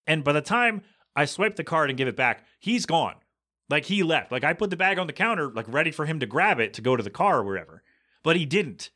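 A man on a podcast telling a rambling anecdote in a casual, animated way, acting out the people in it as he goes. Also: fairly high pitch, fairly quick. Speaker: podcast co-host. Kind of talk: casual storytelling chat.

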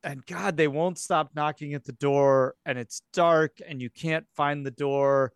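A man's voice: fairly high pitch, fairly even intonation, a little slow, clean tone, no echo, clean studio sound. A man running a tabletop game as game master, narrating scenes in a rambling way with many fillers. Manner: rambling, filler-heavy storytelling.

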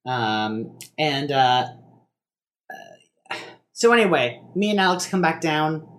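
Brief: young male podcast co-host, slightly higher voice, loose rambling delivery full of ums and jokes. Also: sing-song, takes it slowly, fairly bright tone. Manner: rambling, joking, many fillers and restarts. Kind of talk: casual chat.

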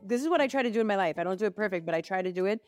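A mother on a parenting podcast talking earnestly and gently about feelings. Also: medium pitch, animated, racing, faint music behind. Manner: earnest, gentle advice-giving. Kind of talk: casual podcast conversation.

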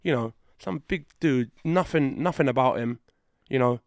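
A man co-hosting a podcast in casual chat, excitable and fond of swearing. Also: mid-range voice, dry recording. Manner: animated, swearing, fast and excitable. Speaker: podcast co-host.

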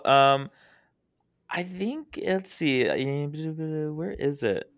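A woman's voice: low voice, big pitch swings, extremely slow, no echo, studio quality. A young adult woman co-hosting a casual podcast chat, giggly and playful, with lots of "like". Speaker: podcast co-host.

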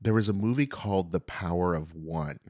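A man's voice: sits low, fairly quick, a little mellow, no room sound, studio quality. An American man hosting an interview podcast, talking in a friendly, rambling way with many restarts. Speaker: podcast host. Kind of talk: casual interview chat.

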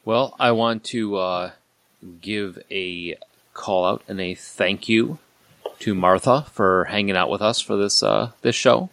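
A man co-hosting a casual podcast, jokey and relaxed, thanking the guest and giving the show's email and website. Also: on the low side, slow, vocal fry, no echo. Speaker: podcast co-host.

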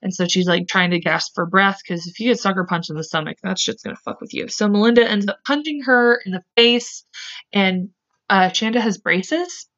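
A woman podcast host casually recounts a true-crime case in a medium-pitched, slightly bright voice at a moderate pace. She rambles, corrects herself, and swears freely, all in dull, lo-fi podcast audio.

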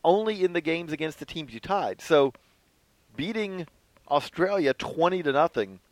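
Guy co-hosting sports talk, slightly higher voice, dry mic, chatty explainer. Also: animated, normal speed, no echo, rough recording. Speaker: baseball podcast co-host. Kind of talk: casual sports chat.

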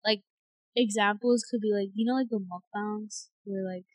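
A woman's voice: mid-range voice, steady tone, moderate pace, no room sound. A teenage girl co-hosting a casual podcast chat, rambling with lots of fillers and giggles. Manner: chatty, filler-heavy, giggly. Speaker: podcast co-host.

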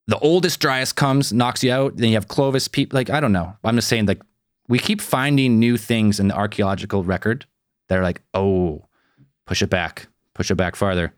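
A man's voice: mid-range voice, a little fast, dry recording, studio quality. A man in a casual podcast chat, rambling through speculative ideas and swearing freely. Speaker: podcast co-host.

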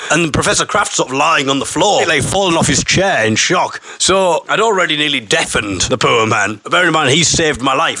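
A man's voice: on the high side, pushed and bright, husky. A man, hosting his own podcast and telling a self-mocking story from childhood in a casual monologue. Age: 30s. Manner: self-mocking, acts out voices in quotes. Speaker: podcast host.

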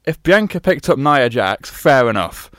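A man co-hosting a casual review podcast, laid-back and quick to chime in with short agreement. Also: mid-range voice, sing-song, a bit bright, dry recording. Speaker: podcast co-host. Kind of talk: casual wrestling review chat.

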